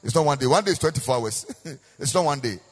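Husky Ghanaian pastor preaching in a hall. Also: male voice, medium pitch, expressive, quick pace. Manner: preaching with sung, rising and falling emphasis and repetition. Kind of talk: sermon. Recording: echoey hall with long reverb.

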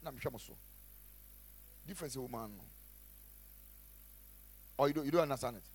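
A man preaching a sermon as pastor, emphatic, repeating phrases and swinging between loud and quiet. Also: mid-range voice, moderate pace, breathy edge. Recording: faint music behind.

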